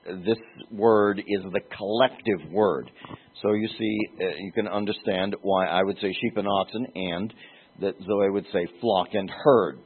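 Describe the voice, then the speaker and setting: Guy teaching scripture in a chatty way, asks the room questions, kinda raspy, tinny like over a phone. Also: low-pitched, fairly even intonation, a little slow. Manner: musing, asks listeners questions, restarts phrases. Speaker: pastor teaching a Bible passage. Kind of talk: conversational Bible teaching.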